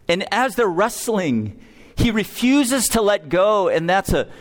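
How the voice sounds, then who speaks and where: A male pastor preaching a sermon with an emphatic, deliberate expository delivery. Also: sits high.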